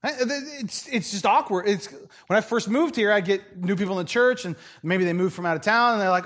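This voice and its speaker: A man's voice: high voice, fairly quick. A middle-aged male pastor preaching a sermon, telling funny stories and acting out the people in them. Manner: animated, joking, acts out voices in his stories.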